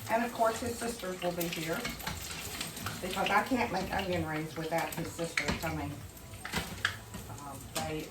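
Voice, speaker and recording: A woman's voice: low-pitched, far from the mic, very noisy. Chatty woman cooking in a roomy kitchen. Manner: chatty, enthusiastic, talks to viewers as friends. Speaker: home cooking vlogger. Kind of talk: casual cooking demonstration. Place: home kitchen.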